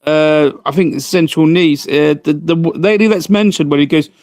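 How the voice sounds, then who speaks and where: A man's voice: a little high, normal speed, darkish tone, no echo, studio quality. A man on a live panel, speaking in an easygoing way and calling people "mate". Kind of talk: casual live panel chat.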